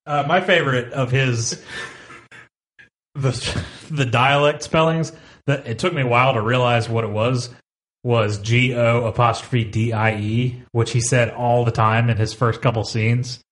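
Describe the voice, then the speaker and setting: A man's voice: medium pitch, fairly even intonation, measured pace, a bit bright. A man co-hosting a casual comic-book podcast, reading dramatically in a hammy way. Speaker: podcast co-host.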